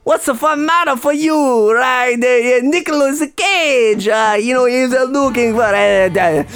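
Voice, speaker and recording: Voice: medium pitch, sing-song, a little slow, gravelly, soft background music, voice pushed up. A podcaster putting on a goofy, exaggerated fake Italian accent to retell a movie scene. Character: hammy mock Italian movie narrator, goofy.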